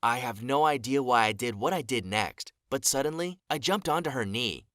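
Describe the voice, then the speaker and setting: A man narrating as an earnest young man with a lively delivery. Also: medium pitch, moderate pace, no echo, studio quality, natural voice. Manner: earnest, dramatic storytelling. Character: young man recounting a traumatic childhood, earnest. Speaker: animated story narrator. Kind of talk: scripted storytelling narration.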